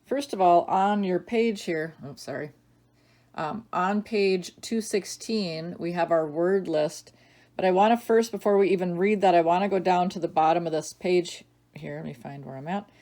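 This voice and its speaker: A woman teacher giving a recorded spelling lesson, reading each word slowly and clearly, patient and explanatory. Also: fairly low pitch, dark tone.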